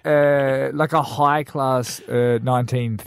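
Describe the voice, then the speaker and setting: A man's voice: medium pitch, steady tone, slow, vocal fry, smooth, no echo, clean studio sound. A man co-hosting a radio show, guessing answers in a playful, rambling way and fumbling for names. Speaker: radio co-host. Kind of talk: casual radio banter, guessing game.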